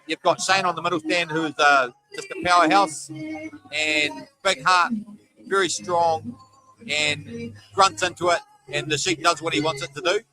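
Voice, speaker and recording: With a slightly high, sing-song and sharp-toned voice, a middle-aged shearing commentator keeps a measured pace through his casual live commentary. He sounds tired after a long day and calls out running tallies, while clear music plays behind the low-quality recording.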